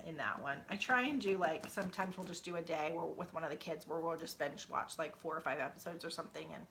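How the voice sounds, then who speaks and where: Woman, 30s, bright voice, chatty vlogger, rambling with fillers, sitting on her bed at home. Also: deep voice, fast talker, a little hiss or hum. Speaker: YouTuber. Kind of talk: casual chat with viewers.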